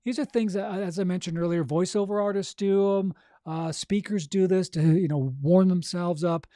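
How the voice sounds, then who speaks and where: Man, vocal coach, mellow tone, dry close sound, encouraging, chatty, checks in with "okay?". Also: sits high, steady tone, normal speed, no echo. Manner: encouraging, conversational, frequent "okay?" and "right?"; demonstrates breathing and voice exercises. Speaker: audiobook narration coach. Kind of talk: coaching monologue.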